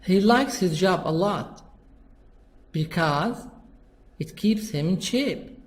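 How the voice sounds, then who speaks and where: A teacher explaining English pronunciation slowly, with lots of repetition. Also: mid-range voice, lively intonation. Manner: slow, repetitive and patient. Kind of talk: classroom explanation.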